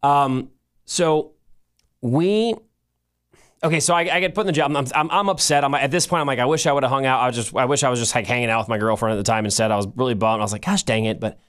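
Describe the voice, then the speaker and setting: A man's voice: mid-range voice, fast, fairly bright tone, clear, resonant tone. A man co-hosting a podcast, telling a long story in a casual, rambling way and correcting himself as he goes. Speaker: podcast co-host.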